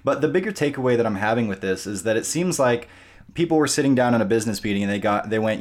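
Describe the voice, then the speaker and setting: A man hosting a gaming podcast, talking casually with rambling, animated energy. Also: medium pitch, fast. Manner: rambling, animated, restarts often. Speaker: podcast host.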